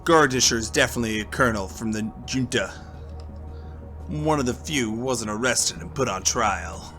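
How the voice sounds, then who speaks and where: A man's voice: mid-range voice, moderate pace, bright, forceful tone, soft background music, voice pushed up, lightly acted. Man doing a pushy shady informant. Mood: brusque.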